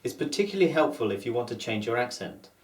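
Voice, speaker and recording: A man with a standard Southern British accent teaches voice placement in a calm, methodical way. He stops to demonstrate vowel sounds as he goes. His voice sits at a middle pitch and carries a roomy echo. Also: quick pace. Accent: Standard Southern British English. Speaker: voice and accent coach. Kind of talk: instructional lesson.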